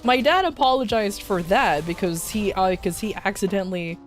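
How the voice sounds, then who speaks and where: A young woman streamer telling stories in a loose, animated way. She laughs often and fills her talk with "like". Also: medium pitch, moderate pace. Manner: animated, laughing, many fillers. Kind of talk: casual storytelling to a live chat. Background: faint background music.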